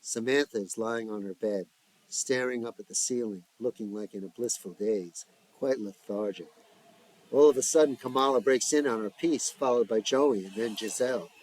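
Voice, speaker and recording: A man's voice: medium pitch, normal speed, darkish tone, poor audio. A man reading his own screenplay aloud, stage directions and all, now and then stopping to correct himself.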